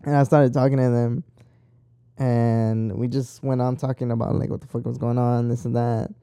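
Casual talker: young man, dark gravelly tone, dry close sound, chatty and profane. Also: medium pitch, level tone, moderate pace, no room sound. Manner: rambling, profane and talkative. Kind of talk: casual chat.

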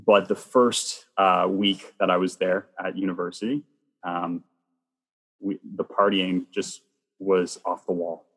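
A man from Canada sharing his personal faith testimony as a guest, telling it in a lively way that acts out what people said. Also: sits low, measured pace, husky, in a large hall. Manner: lively storyteller, acts out quoted lines.

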